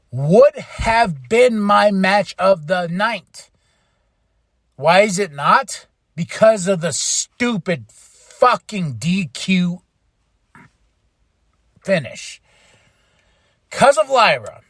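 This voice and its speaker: A man's voice: high-pitched, no echo. Guy on a podcast going off about wrestling, swears a lot, voice jumps all over, dry close mic. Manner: animated, profane, mimics wrestlers. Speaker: podcast host. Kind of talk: casual wrestling recap chat.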